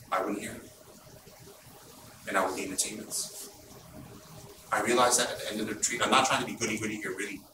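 A man giving an informal Buddhist teaching, telling stories in an animated, blunt and teasing way. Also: fairly low pitch. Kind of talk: informal dharma talk. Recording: roomy, distant mic, background noise.

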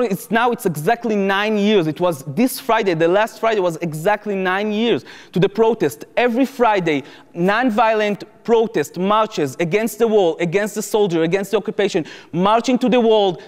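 A young man with an Israeli accent tells a story to a live audience in a high, lively voice that rings through a long-reverb hall. He speaks English as a second language, narrates in the present tense and acts out the voices of the people in the story. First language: Hebrew. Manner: vivid first-person storytelling in present tense, acting out voices. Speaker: speaker at a public talk. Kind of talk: storytelling talk. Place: lecture hall before an audience.

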